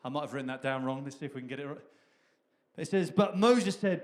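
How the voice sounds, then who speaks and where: A man preaching a sermon, retelling the scripture story in a lively, conversational way, acting out the dialogue and laughing often. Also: medium pitch, quick pace. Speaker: pastor.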